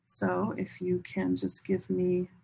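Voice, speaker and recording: A woman teaching English as a second language in a recorded online lesson, modeling pronunciation slowly and carefully and repeating words for learners. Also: on the low side, completely flat delivery, gravelly, warm tone, a little hiss or hum, poor audio. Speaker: ESL teacher.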